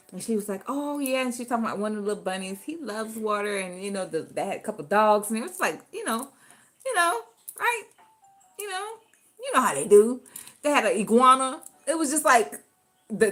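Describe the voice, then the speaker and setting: A woman, telling a story casually and dramatically. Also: mid-range voice. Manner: animated, dramatic, acts out voices in her story. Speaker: storyteller vlogger.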